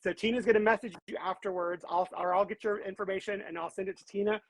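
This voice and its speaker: A woman with a husky, slightly breathy voice hosts a casual live stream. She is upbeat and talkative and keeps calling her viewers "guys". The sound is dry and close, as on a video call. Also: medium pitch, steady tone, quick pace, no echo. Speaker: host.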